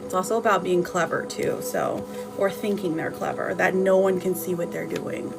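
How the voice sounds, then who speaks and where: A woman giving casual tarot readings on a live stream, chatting warmly with viewers and laughing often. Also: fairly low pitch, steady tone, normal speed, gravelly, music in the background, low-quality recording.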